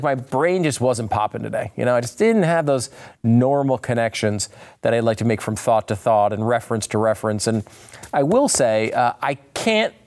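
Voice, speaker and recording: A man hosting a political commentary show, tired and a bit hoarse, talking in a rambling way that often breaks off and restarts. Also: medium pitch. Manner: rambling, self-interrupting, animated asides. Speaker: show host.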